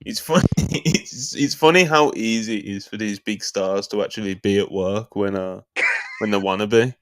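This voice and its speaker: A man's voice: lowish voice, normal speed, no room sound. A man co-hosting a podcast, talking loosely in casual chat and laughing between thoughts. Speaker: podcast co-host.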